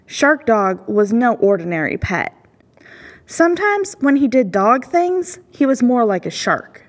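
A woman reading a children's picture book aloud at a library storytime, calm and steady. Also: fairly high pitch, a little slow, long reverb tail.

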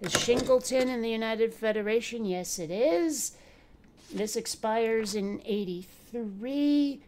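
A woman narrating her own gameplay in a casual, playful voice, teasing the characters she turns away. Her voice sits a little high and her delivery is slow and unhurried. A clear hiss of noise runs underneath the recording. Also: darkish tone. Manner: playful, sassy banter with game characters. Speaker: let's play gamer. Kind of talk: casual game commentary.

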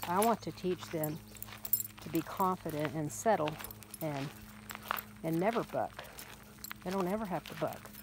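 A woman's voice: low-pitched, measured pace, long pauses, background noise. A woman who breeds dogs, chatting casually as she walks a puppy outdoors, coaxing it along as she talks. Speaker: dog breeder. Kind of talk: casual vlog while walking a puppy. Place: outdoors on a rural road.

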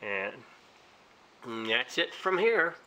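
A man's voice: very animated, very slow, sharp tone. Chatty man vlogging in a snowy yard. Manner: rambling, chatty, talks to his dog in a high sing-song voice. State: cold, fingers freezing. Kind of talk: casual vlog narration.

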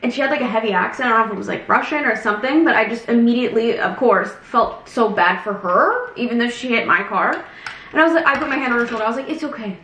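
A woman in her twenties chatting casually on a vlog, telling stories in a lively way and acting out what others said. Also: a little high, quick pace. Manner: chatty, animated retelling with acted quotes. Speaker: vlogger. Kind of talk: casual storytelling chat. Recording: echoey room, faint noise.

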